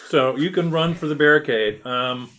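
A man's voice: on the high side, moderate pace, sharp tone. A man narrating a tabletop role-playing game as game master, describing scenes in a hesitant way full of ums.

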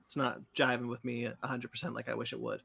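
A man's voice: mid-range voice, flat delivery, fast talker, gravelly, bright, forceful tone, husky. A man hosting a podcast, chatting casually and searching for words as he gives his opinion. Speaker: podcast host. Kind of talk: casual review chat.

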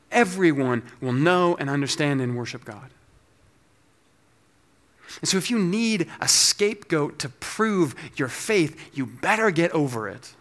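A man's voice: fairly high pitch, fairly bright tone. Man teaching a careful sermon. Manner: measured, explanatory, scholarly. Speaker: pastor.

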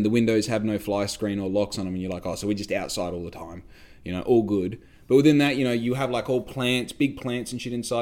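A man's voice: on the low side, darkish tone. A young Australian man telling a rambling story in casual chat, swearing freely and acting out the voices of the people he quotes.

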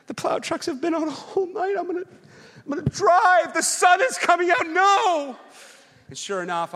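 A man preaching as pastor, telling an animated personal story that swings from loud rants to quiet, earnest reflection. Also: on the high side. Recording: long hall reverb.

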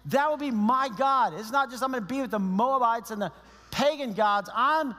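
A man preaching a sermon as pastor, in a conversational, animated way with quoted asides. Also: extremely high pitch, normal speed. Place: church sanctuary. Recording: long reverb of a church hall.

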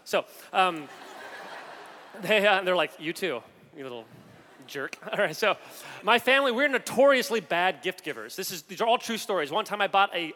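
A man, an executive coach, giving a joking, animated conference talk and addressing the audience directly. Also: high-pitched. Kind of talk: energetic humorous stage talk. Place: large hall on a conference main stage. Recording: long hall reverb.

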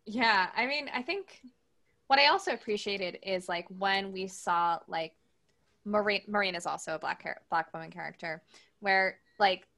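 Woman co-host with a crisp, bright tone, hesitant and soft-trailing. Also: medium pitch, normal speed. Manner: hesitant, many fillers, trails off softly. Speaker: podcast co-host. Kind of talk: casual chat.

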